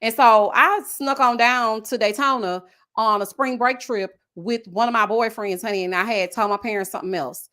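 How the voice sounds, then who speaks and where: A woman in her thirties hosting a live stream, chatting in a casual, animated, slangy way and telling stories. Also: a little high, normal speed. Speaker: YouTube host.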